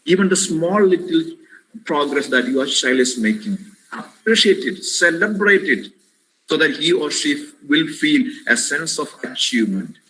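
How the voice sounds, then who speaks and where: A man's voice: fairly high pitch, very animated, a little slow, bright, forceful tone, a little hiss or hum, poor audio. A man with an Indian English accent giving an earnest, preacherly webinar lecture on parenting, often addressing listeners as "my dear friends" and repeating key words for emphasis. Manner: emphatic repetitions. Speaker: webinar speaker. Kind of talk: impassioned lecture. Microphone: webinar headset or computer mic.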